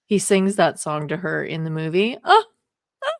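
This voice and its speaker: A woman's voice: deep voice, sing-song, normal speed, dry recording, studio quality. A woman co-hosting a podcast, chatty and hedging with giggles. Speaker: podcast co-host. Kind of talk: casual chat.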